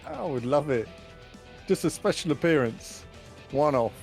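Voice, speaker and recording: A man's voice: on the high side, animated, unhurried, gravelly, a little mellow, soft background music. A man co-hosting a stream, giving dry, sarcastic reaction commentary. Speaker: stream co-host.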